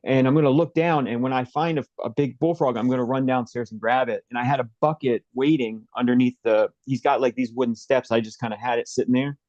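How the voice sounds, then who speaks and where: A man interview guest recounting a personal story in a halting, rambling way, with many fillers and restarts. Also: medium pitch, fairly even intonation, darkish tone, no room sound, lo-fi sound.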